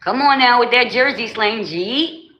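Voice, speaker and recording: A woman's voice: on the high side, moderate pace, sharp tone, slight background noise. A woman hosting a live stream, chatting casually with viewers, teasing them and laughing often. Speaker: livestream host. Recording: echoey room.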